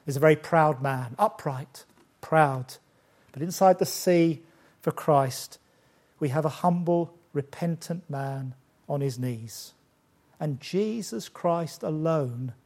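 Emphatic older male preacher, warm voice. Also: on the high side. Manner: emphatic, with slow deliberate stresses. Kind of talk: sermon.

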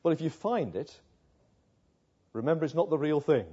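A man's voice: on the high side, lively intonation, moderate pace, dark tone, husky. A man preaching a sermon, earnest, asking rhetorical questions and building to emphatic passages. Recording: muffled lo-fi sound.

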